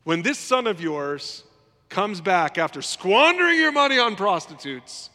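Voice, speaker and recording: A man's voice: high-pitched, big pitch swings, fast talker, fairly bright tone, long reverb tail, pitched above the performer's own voice, heavily acted. A man doing a whiny, resentful older brother. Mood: indignant. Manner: whiny, indignant pleading. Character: resentful, self-pitying young older brother.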